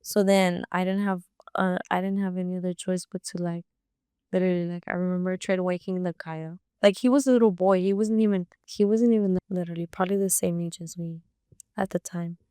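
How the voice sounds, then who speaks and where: A young woman, a podcast guest, telling a personal story in a rapid, animated way and filling her speech with "like". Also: fairly low pitch, clean tone, no room sound, studio quality. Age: young adult. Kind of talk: casual storytelling.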